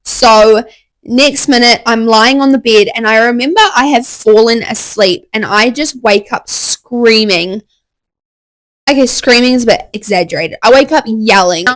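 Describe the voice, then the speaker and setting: Young woman, a touch high, candid and excited, casual storytelling to camera, dry close mic. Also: normal speed, no room sound, rough recording. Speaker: vlogger.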